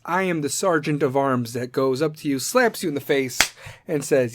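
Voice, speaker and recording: A man hosting a segment, ranting bluntly and aggressively at listeners and swearing constantly, his volume swinging between loud and soft. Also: medium pitch, lively intonation, moderate pace, no echo. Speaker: podcast segment host. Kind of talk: profane rant to listeners.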